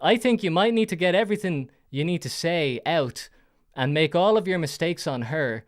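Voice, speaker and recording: A man hosts a casual call-in show, his voice sitting notably high. He hands out teasing, mock-serious advice in a relaxed, chatty way. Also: normal speed, no echo, studio quality. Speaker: host.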